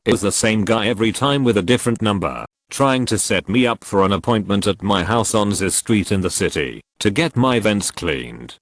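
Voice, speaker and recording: Low male narrator voice, kinda synthetic, reads out symbols like asterisk, bouncy pitch, dry sound. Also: lively intonation, moderate pace, hardly any pauses, dry recording. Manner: reads symbols and acronyms out literally. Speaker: reader of online posts. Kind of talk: scripted narration.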